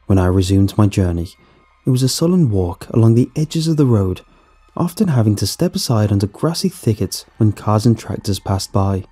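A man narrates a horror story in a steady, measured way. His voice sits low, with a very dark, mellow tone and a husky grain. Faint music plays underneath.

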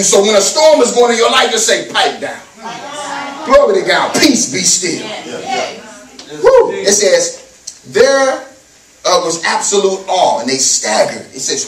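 A man preaching a sermon as pastor, reading scripture and riffing on it, often saying "amen" and "glory to God", getting loud and laughing as he acts out scenes. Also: high-pitched. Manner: reads scripture then riffs on it, repeating "amen" and "glory to God"; loud, laughing, sing-song delivery when acting out the disciples. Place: church. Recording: echoey room, mic from a distance.

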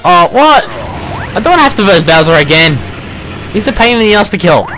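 A young man, commentating a video game playthrough, crude and swearing, yelling at the game. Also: high-pitched, very animated, quick pace, faint music behind. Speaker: let's play gamer.

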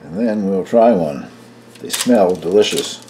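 Deep, mellow older man baking at home. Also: a little slow, a little hiss or hum. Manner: relaxed, chatty, talks while tasting. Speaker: home baker, channel host. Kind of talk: casual cooking vlog narration.

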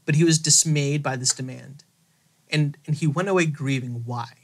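A man on a faith podcast, retelling a Bible passage in an animated storytelling way and acting out the quoted lines. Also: fairly high pitch, moderate pace. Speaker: theologian co-host.

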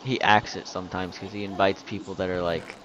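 A man's voice: deep voice, little pitch movement, brisk, crowd noise. A man chatting loosely while playing a game with friends, teasing and rambling as he goes. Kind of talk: casual chat while playing. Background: other people talking and a TV.

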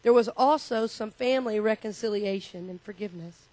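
A woman's voice: medium pitch, brisk, darkish tone, no room sound. A middle-aged woman minister preaching a sermon in a church. She talks in a personal, conversational way and leads the congregation in call-and-response. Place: church sanctuary.

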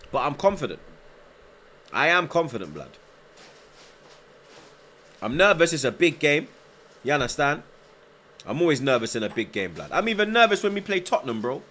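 A man's voice: fairly high pitch, big pitch swings, moderate pace, long pauses, a bit bright, slight background noise. A young man, chatting casually on a live football stream, reading out viewer comments, nervous but hyped. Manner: slangy, repeats himself, reads out chat, nervous yet hyped.

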